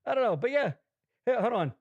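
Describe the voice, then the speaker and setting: A man's voice: extremely high pitch, a little fast, muffled recording, very noisy. A man hosting a live-streamed show, rambling and swearing in casual chat. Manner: rambling, swears freely, animated. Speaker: podcast host.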